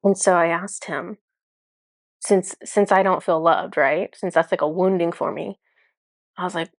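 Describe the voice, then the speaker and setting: A woman's voice: lowish voice, steady tone, no room sound, studio quality. Earnest young woman telling a spiritual story. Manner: earnest, fast, with frequent "like" fillers. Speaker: spiritual channeler. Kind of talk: casual storytelling of a channeling session.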